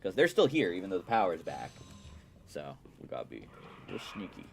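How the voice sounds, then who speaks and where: Low-voiced male gaming streamer, chatty play-by-play with jokey asides, steady noise underneath. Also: fairly quick, vocal fry. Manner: chatty, explaining strategy with playful asides. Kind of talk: casual game commentary.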